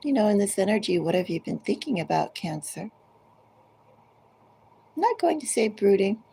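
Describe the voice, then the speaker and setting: A woman giving a collective tarot reading, speaking directly to each zodiac sign in an unhurried, musing way. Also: medium pitch, big pitch swings, vocal fry, warm tone, slight background noise, poor audio. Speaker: tarot reader.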